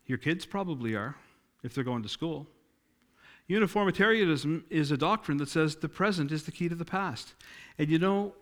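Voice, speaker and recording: A man's voice: a little high, a bit bright. Man preaching a sermon. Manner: storytelling, acting out quoted dialogue, emphatic.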